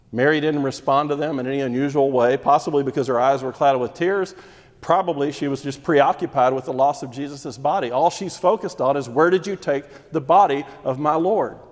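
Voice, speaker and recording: A man delivers a sermon, explaining a scripture passage and acting out a grieving woman's distress before easing into quiet, emphatic questions. His voice sits slightly high for a man. It rings with the long reverb of a big hall. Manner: expository preaching, voices Mary's distress, drops to hushed emphasis. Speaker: preacher.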